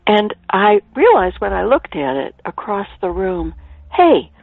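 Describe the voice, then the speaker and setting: A woman author telling stories as a guest on a radio interview, animated, at times dropping to a soft whisper, heard over a phone line. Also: mid-range voice, a little slow, vocal fry, no room sound. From Ireland. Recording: tinny phone line, dry.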